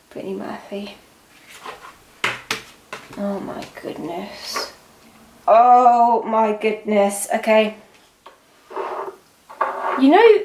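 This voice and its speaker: A young woman giving a psychic tarot reading, emotional and halting, often trailing off and restarting. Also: mid-range voice, a little hiss or hum. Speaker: tarot reader. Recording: roomy echo.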